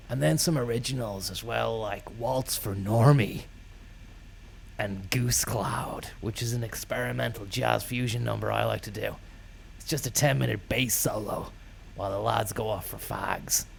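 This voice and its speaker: A gravelly-voiced man rambles through an absurd comic monologue, stringing tall tales together with a deadpan air and casual swearing. His pitch sits in a middling register, and a faint vehicle hum runs behind him. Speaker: comedy podcast host.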